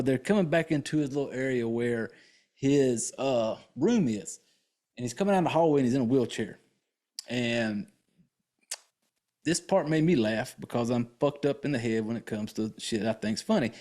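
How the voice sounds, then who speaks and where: A podcast host with a mid-range, slightly dark male voice recaps a movie casually. His talk is loose, profane and rambling, laid-back and chatty, stuffed with fillers.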